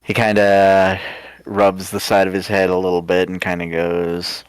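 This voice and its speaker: A man's voice: deep voice, monotone, unhurried, smooth, no echo. A man playing a tabletop game, narrating his character's actions in a laid-back, hedging way.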